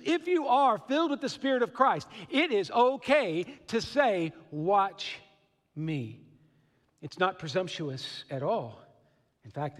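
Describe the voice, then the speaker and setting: A man's voice: high-pitched, in a large hall. A middle-aged man from Western Kentucky with a Southern accent, preaching a sermon in an earnest, conversational way with asides. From Western Kentucky / Southern Illinois. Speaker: pastor.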